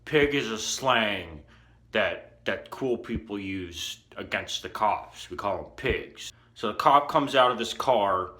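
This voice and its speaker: A man's voice: lowish voice, animated, slow, pushed and bright. A man telling a long comic story in character, rambling and indignant, with many fillers and a lot of swearing. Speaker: comedian in character.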